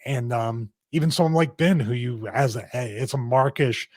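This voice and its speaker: A man's voice: mid-range voice, moderate pace, no echo, clean studio sound. A man speaking as a guest on a casual podcast interview, rambling and restarting as he thinks aloud. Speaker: guest, former pro wrestler.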